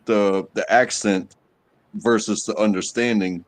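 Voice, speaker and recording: Slow, low-voiced man hosting. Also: steady tone. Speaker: host. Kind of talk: casual discussion.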